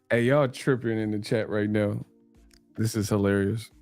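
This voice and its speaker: A man's voice: lowish voice, fairly even intonation, a little slow, darkish tone, dry recording, faint music behind. A man from New Mexico hosting a live stream, bantering in slang, laughing often and reading donations. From New Mexico, USA.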